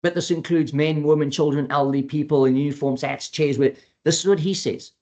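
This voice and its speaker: In a webinar, a man speaking as a dog trainer talks fairly quickly in a voice on the high side. His manner is chatty and animated, and he acts out the words of clients and dogs.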